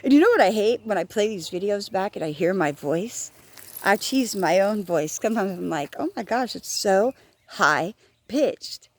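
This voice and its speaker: A woman with a mid-range, expressive and slightly mellow voice talks at a moderate pace, with no echo. She's out on a walk vlogging to camera, chatting casually, rambling frankly, swearing freely and poking fun at herself. She mentions that she's hard of hearing.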